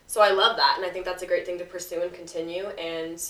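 A woman's voice: on the low side, level tone, fast talker, a bit bright, far from the mic. A woman hosting a podcast interview, upbeat and talkative in casual chat. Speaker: podcast host. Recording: echoey room, slightly off mic.

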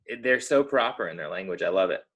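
A man's voice: sits low, animated, fast talker, a bit bright, breathy edge. An American man co-hosting a podcast, rambling and correcting himself as he chats. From United States. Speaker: podcast co-host. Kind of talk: casual podcast chat.

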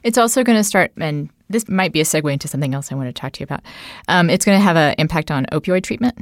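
Brief: woman host, lively chatty political talk, mid pitch, dry close mic. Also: very fast, no echo. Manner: animated, laughs often, chatty asides. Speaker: podcast host. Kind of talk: casual political conversation.

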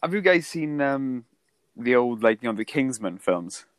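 A man's voice: mid-range voice, lively intonation, no echo. A man in a casual podcast chat who trips over his words while explaining. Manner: quick reactions, halting when explaining. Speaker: podcast co-host.

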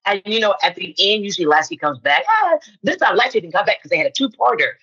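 A woman in her fifties, an actress guest on a podcast, telling personal stories in an animated way and acting out the voices of people she quotes. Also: mid-range voice, quick pace, highs cut off, very noisy. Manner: animated storyteller who acts out quoted voices. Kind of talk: personal storytelling in conversation.

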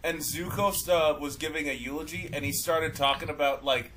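A man's voice: fairly high pitch, steady tone, normal speed, a bit bright, slight background noise, low-quality recording. A man co-hosting a casual podcast chat, rambling with lots of fillers and restarts. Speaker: podcast co-host.

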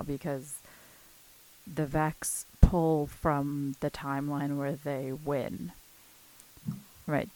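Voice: medium pitch, a little mellow, low-quality recording. A co-host with a mid-range voice talks through ideas thoughtfully in a casual podcast chat. The delivery is hesitant, with frequent ums.

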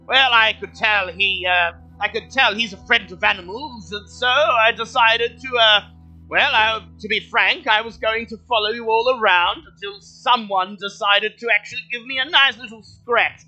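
A man's voice: high-pitched, normal speed, sharp tone, muffled recording, faint music behind, pitched above the performer's own voice, heavily acted. A man voicing a polite, chatty old male camel who uses old-fashioned phrasing. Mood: cheerful, chatty.

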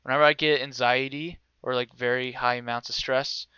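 A young man casually telling a story, animated and swearing freely, acting out other people's voices. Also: medium pitch, brisk, clean tone, dry recording, muffled recording.

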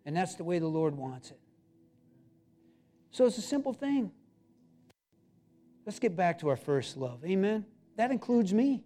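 A man with a notably high voice delivers a sermon from the front of a church. He preaches with emphatic, pleading urgency, pressing his listeners to act. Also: very animated, a little slow, long pauses, dark tone. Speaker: pastor. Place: church sanctuary.

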